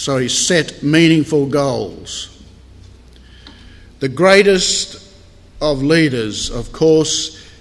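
Slow, high-voiced preacher in a hall. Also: male voice, fairly bright tone. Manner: measured, earnest preaching with deliberate pauses. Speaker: pastor. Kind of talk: sermon. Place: church hall. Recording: long hall reverb.

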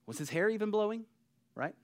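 A pastor preaching a sermon in a conversational, animated way, often checking in with the listeners. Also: male voice, sits high, brisk. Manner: conversational, animated, keeps asking "right?".

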